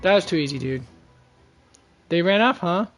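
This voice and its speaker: A man's voice: sits high, expressive, moderate pace, fairly bright tone, faint music behind. A young man streaming a game, reading its dialogue aloud, stumbling and restarting mid-line.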